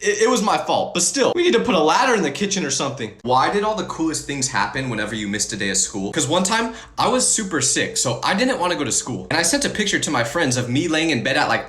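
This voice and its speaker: Young man, storytime narration, quick delivery, roomy echo, emphatic. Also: a little high, bright, forceful tone. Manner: emphatic, with incredulous rhetorical questions. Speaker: storytime gaming channel host. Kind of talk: scripted storytime narration over gameplay.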